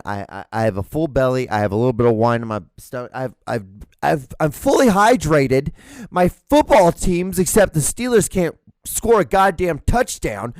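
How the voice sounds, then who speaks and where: A man's voice: mid-range voice, sing-song, fairly quick, a little mellow, no room sound. A man hosting a solo podcast, ranting with lots of swearing and mocking voices, seated at a desk microphone. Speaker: podcast host. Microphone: desk microphone in front of him.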